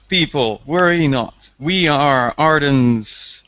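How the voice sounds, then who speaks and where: A man's voice: mid-range voice, lively intonation, measured pace, a bit bright. A man as a player speaking in character in a tabletop game, earnest and a little hesitant. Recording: lo-fi recording with faint noise.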